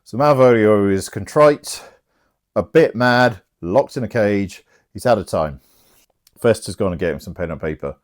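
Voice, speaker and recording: A man's voice: fairly low pitch, expressive, normal speed. A young man casually retelling a plot, chatty and irreverent, swearing now and then. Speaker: channel host.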